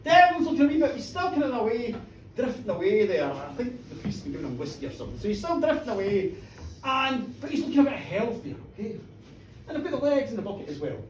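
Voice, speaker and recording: A woman's voice: on the high side, sing-song, fast talker, a little hiss or hum. A woman telling a comic, gory tale live to a pub audience, acting it out playfully. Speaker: storyteller. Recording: roomy, distant live pub recording.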